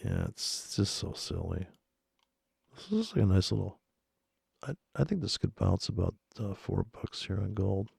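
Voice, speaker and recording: A man's voice: low voice, very animated, a little slow, gravelly, a little mellow, breathy edge, no room sound, studio quality. A man rambling sarcastically and profanely in casual chat about trading over charts. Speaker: trading commentator.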